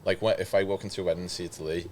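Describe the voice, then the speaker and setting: A guest musician, a man, answering softly and hesitantly in casual chat, a little off-mic. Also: sits low, level tone, rapid-fire.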